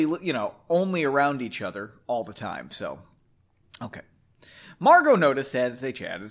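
A man's voice: medium pitch, a bit bright. Joking man reading a story aloud. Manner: sarcastic, self-mocking.

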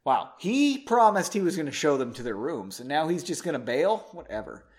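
A man's voice: a little high, very animated, fairly quick. A man hosting a podcast, reading his own story aloud and mocking it with sarcastic asides. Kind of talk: comedic reading with commentary.

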